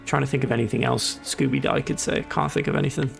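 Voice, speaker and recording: Gravelly Welsh streamer. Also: male voice, mid-range voice, fairly even intonation, fast talker. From Wales. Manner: rambling, jokey banter. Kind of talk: casual gaming commentary. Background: game music.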